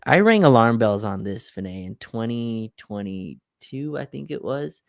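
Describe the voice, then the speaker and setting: A man's voice: mid-range voice, lively intonation, measured pace, vocal fry. A man co-hosting a casual sports livestream, ranting with exasperation and laughter. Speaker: podcast co-host.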